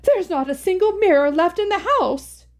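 A woman reading aloud and voicing an excitable middle-aged society mother who gushes and frets in a raised voice. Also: high-pitched, normal speed, pitched above the performer's own voice. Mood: gushing, fretful.

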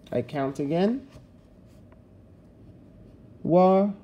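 A man's voice: on the high side, animated, takes it slowly, mellow. A man teaching a fifth-grade lesson in a recorded video, giving patient step-by-step instructions.

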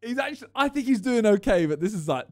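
Animated man reacting on stream. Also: sits high. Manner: animated, joking, quick asides. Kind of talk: casual reaction commentary.

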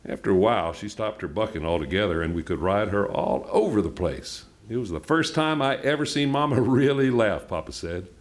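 A man reads a novel aloud at a book event in an unhurried, plainspoken way. His voice sits a little low, and he lets the story carry itself. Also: expressive. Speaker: reader.

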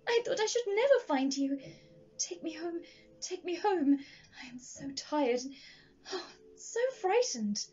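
A woman's voice: sing-song, a little slow, mellow, lo-fi sound. A woman doing a frightened, desperate young woman. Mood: desperate pleading. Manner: high, pleading and wailing. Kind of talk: dramatic reading.

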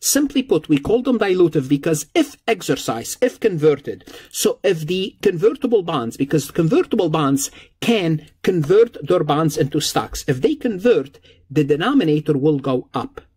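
Husky guy lecturing on accounting, kinda high voice, repeats stuff to make it stick. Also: expressive, moderate pace, a little mellow. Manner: explanatory, repeats points, everyday analogies. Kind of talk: recorded lecture.

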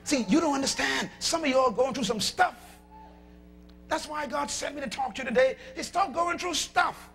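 High-pitched emphatic male preacher. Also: normal speed, creaky, faint music behind. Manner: emphatic, calls to audience; shouts at peaks. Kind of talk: sermon.

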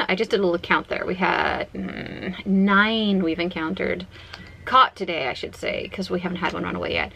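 A woman casually vlogging while she plays a phone game at home, chatty and excitable, talking to herself as she goes. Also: mid-range voice, creaky, poor audio. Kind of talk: casual gaming vlog.

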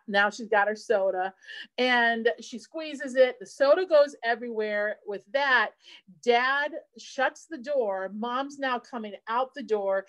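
A middle-aged woman, an insurance advisor giving a seminar talk and telling a family story in a chatty way. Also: fairly high pitch. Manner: chatty storyteller, quotes family in lively voices.

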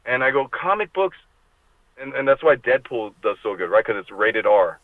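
His voice is lowish and a little fast, with no echo, heard over tinny, dry call audio. He's a middle-aged man on a video call from his car, rambling and cursing casually as an interview guest.

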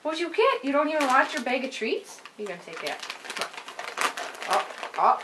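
A woman's voice: sits high, big pitch swings, moderate pace, background noise. A woman talking to her dog in a coaxing, sing-song way while filming a home video indoors. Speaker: dog owner.

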